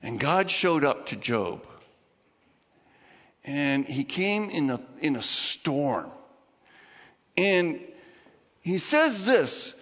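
Chatty pastor in an echoing hall. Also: male voice, a little high, very animated, extremely slow, pauses often, a bit bright. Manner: chatty, laughing asides to the congregation. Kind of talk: sermon. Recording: muffled sound with long hall reverb.

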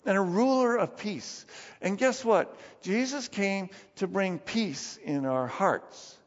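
A man's voice: sits high, expressive, slow. A man preaching a conversational sermon as pastor, telling stories with chuckles and restarts. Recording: long reverb, dull lo-fi sound.

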